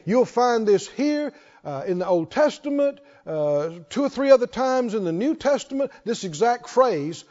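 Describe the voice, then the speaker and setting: A man's voice: high voice, very animated, normal speed, darkish tone. A man preaching a sermon, repeating key phrases and calling on the congregation to say them with him. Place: church hall. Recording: dull echoey church recording.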